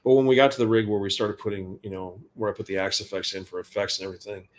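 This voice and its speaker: A man's voice: lowish voice, fairly even intonation, rapid-fire. A man telling casual backstage anecdotes in an interview, rambling and quoting conversations. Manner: rambling anecdotes with quoted dialogue and laughs. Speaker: guitar tech guest.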